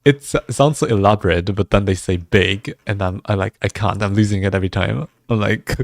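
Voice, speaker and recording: A man's voice: on the low side, brisk, creaky, no room sound. A man chatting casually with viewers during a livestream, laughing often and restarting his words as he goes. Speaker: music streamer.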